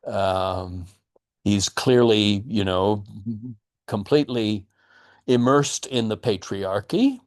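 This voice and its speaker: A man's voice: on the low side, slow, pauses often. A man teaching a class on a play, explaining in a thoughtful, wry way. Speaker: acting teacher. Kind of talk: lecture on a play with readings.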